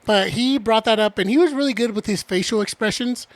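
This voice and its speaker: Chill guy cohosting a podcast, dry close mic, deadpan comments, swears some. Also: high voice, a little fast, no echo. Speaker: podcast co-host. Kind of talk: casual chat.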